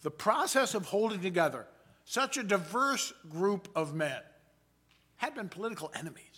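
A man delivers a sermon in an earnest, measured voice that sits a little high. His tone is bright and forceful, and he slows down deliberately to stress his main points. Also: very animated, slightly rough. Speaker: preacher.

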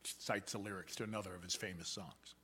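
A man preaching a sermon in a measured, earnest way, slowing down to stress key points. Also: low voice, steady tone, pushed and bright, slightly rough. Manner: measured, earnest delivery that slows for emphasis.

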